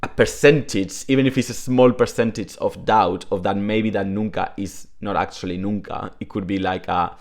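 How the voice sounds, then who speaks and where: Deep-voiced man teaching casually. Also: steady tone, normal speed, few pauses. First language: Spanish. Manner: chatty, many fillers, switches between Spanish and English. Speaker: Spanish teacher. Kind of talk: casual explanatory lesson.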